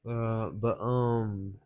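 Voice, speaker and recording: A man's voice: lowish voice, a little mellow, dry recording. A young man telling a rambling story in casual chat as a dating advice vlogger, slangy, swearing freely and chuckling often.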